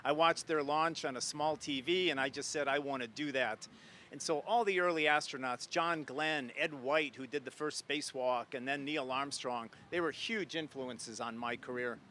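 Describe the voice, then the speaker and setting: A man in his sixties from Ohio, a guest on a live interview, telling a story with animated enthusiasm. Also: medium pitch, normal speed, slight background noise. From Ohio, USA. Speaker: guest, former astronaut.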